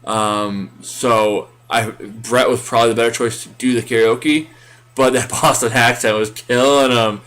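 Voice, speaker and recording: A man's voice: medium pitch, steady tone, a little slow, fairly bright tone. Man, casual recap chat, rambling, lots of ums and restarts. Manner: rambling, many fillers and restarts. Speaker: podcast co-host.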